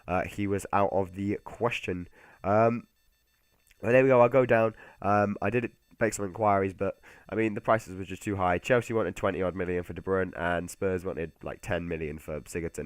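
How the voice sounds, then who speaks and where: A young man chats through his football video game session at a brisk clip, stumbling over restarts and fillers as he goes. His voice sits low, and the recording is dry and close with no room sound. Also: no echo. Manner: rambling, many fillers and restarts. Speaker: gaming YouTuber. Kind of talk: casual game commentary.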